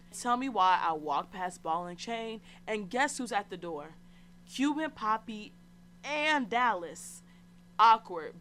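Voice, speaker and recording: A woman's voice: medium pitch, fairly bright tone, a little hiss or hum. Chatty young woman telling a story. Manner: chatty, slangy, candid, addresses listeners directly. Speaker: podcast host. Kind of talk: casual solo storytelling.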